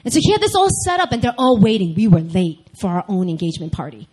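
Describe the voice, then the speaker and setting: A woman's voice: mid-range voice, quick pace, slightly rough, low-quality recording. A young adult woman preaching to a church group, weaving a personal story into the sermon and talking straight to her listeners. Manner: animated storyteller, addresses listeners directly. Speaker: speaker at a church group meeting.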